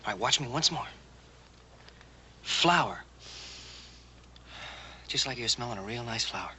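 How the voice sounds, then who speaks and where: An actor playing a patient man who coaxingly teaches a deaf girl sign language, repeating single words slowly, in 1960s TV western acting. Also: mid-range voice, pushed and bright. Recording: noisy old TV soundtrack.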